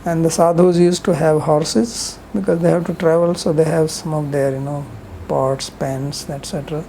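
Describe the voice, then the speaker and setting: Low, mellow-voiced woman lecturing. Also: fairly even intonation, moderate pace, vocal fry, slight background noise, poor audio. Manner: rambling, conversational, frequent "you know" asides. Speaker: scripture lecturer. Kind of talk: storytelling lecture on scripture.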